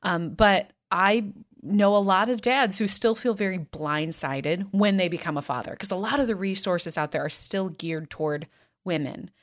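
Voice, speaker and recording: A woman's voice: medium pitch, normal speed. A woman hosting a podcast, talking casually and asking the guest reflective questions. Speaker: podcast host. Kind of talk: casual conversational interview.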